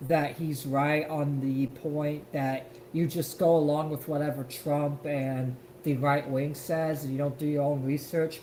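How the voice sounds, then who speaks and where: A man's voice: on the high side, unhurried, hardly any pauses, dark tone, roomy sound, a little hiss or hum, poor audio. A man co-hosting a live stream, reacting to a clip in an emphatic, profane rant. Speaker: stream co-host.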